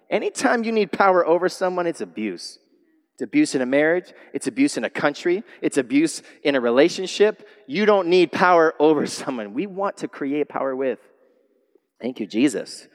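A man preaching a sermon from the pulpit, lively and playful, acting out the voices of the people he quotes. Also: medium pitch. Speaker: pastor. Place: church sanctuary. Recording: long reverb of a large hall.

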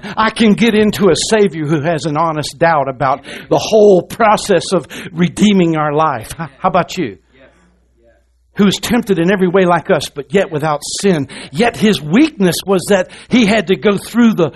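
A man preaching a sermon, talking straight to the congregation in an animated way, dropping to a hush and then rising loud, with quick asides to the crowd. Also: a little high, breathy edge. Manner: animated, swinging from hushed to loud.

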